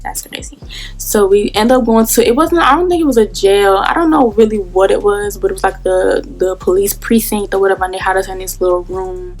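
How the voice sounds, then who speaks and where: A woman's voice: medium pitch, fairly quick, few pauses, darkish tone, faint music behind. A young adult woman telling a casual story in a rambling, profane way, full of fillers. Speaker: vlogger.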